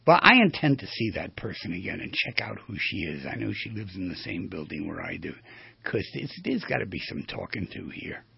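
A male therapist giving a storytelling lecture on the voice, animated and asking his audience questions. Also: low voice, fairly quick, no echo, dull audio. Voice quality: very raspy, gravelly.

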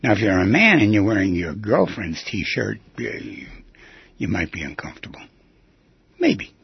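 A man hosting call-in radio, with a husky, very gravelly voice and a lively, swooping delivery. He talks in a rambling, chatty, jokey way. The sound is dull and lo-fi, like a radio broadcast. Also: fairly low pitch, measured pace, dry recording. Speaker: radio talk show host.

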